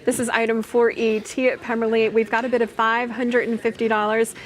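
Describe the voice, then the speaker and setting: A fairly high-voiced woman hosts a televised art auction from a studio. She is upbeat and keeps repeating the current bid and the number to call. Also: little pitch movement, a little fast, hardly any pauses. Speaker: auction host.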